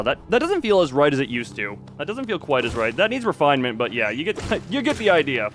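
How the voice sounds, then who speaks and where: A man's voice: on the high side, sing-song, fast, hardly any pauses, fairly bright tone, soft background music. A man streaming a game, chatting casually and rambling to his chat, often stopping himself mid-sentence. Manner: rambling, self-interrupting, talks to chat and to himself. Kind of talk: casual live-stream chat while playing.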